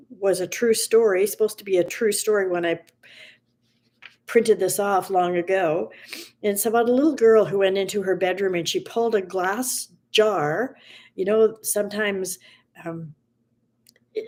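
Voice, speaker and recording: A woman hosts a morning livestream and reads an inspirational story to her listeners. Her mid-pitched voice is gentle and unhurried, often easing into soft, near-whispered phrases. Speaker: host of a motivational livestream. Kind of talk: inspirational talk and story reading.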